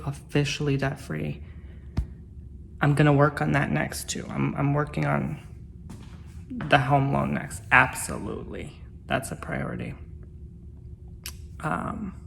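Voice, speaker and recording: Male vlogger, casual chat to camera, gravelly texture, chatty with fillers, shifts between hushed and loud, faint background noise. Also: fairly high pitch. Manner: chatty, with frequent fillers, slipping between soft whispers and loud excitement. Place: home garage by a car.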